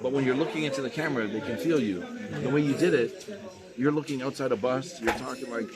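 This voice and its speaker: A man's voice: mid-range voice, fast. A man coaching a beginner on making videos, talking directly and encouragingly. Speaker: YouTube coach giving advice. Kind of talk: casual coaching chat. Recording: crowd noise behind. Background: crowd.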